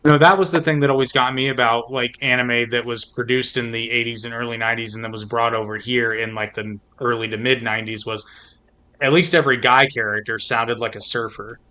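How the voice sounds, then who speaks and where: Bright-voiced man joking on a podcast. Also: medium pitch, level tone, a little fast, smooth. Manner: wry, storytelling asides. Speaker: podcast co-host. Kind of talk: casual chat.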